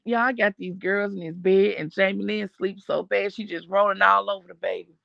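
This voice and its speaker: A middle-aged woman hosting a family channel speaks fairly quickly with fairly even intonation in a gravelly mid-range voice, chatting to viewers and retelling a long story through "I said, he said." It's captured on a streaming setup with dull, lo-fi, dry audio.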